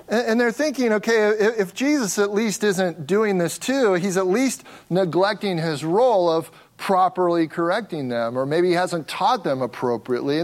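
A man with a notably high-pitched voice delivers an expository sermon. He leans hard on key words, slowing down to stress them. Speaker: pastor.

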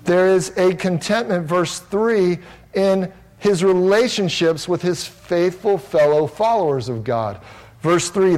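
A pastor delivers a sermon in an earnest, emphatic manner, his voice sitting a little higher than most men's. He often restarts phrases as he builds his points. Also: a little slow, a little mellow.

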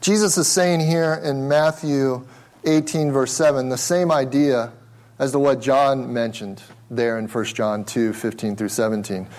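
A man's voice: medium pitch, steady tone, unhurried, a little mellow. Emphatic male pastor preaching. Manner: emphatic, asks many questions, repeats words when restarting. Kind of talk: sermon.

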